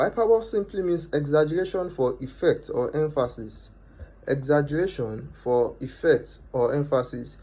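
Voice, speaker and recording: A man, teaching a lesson and repeating each definition and example slowly for emphasis. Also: on the high side, warm tone, poor audio. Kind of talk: explanatory lesson.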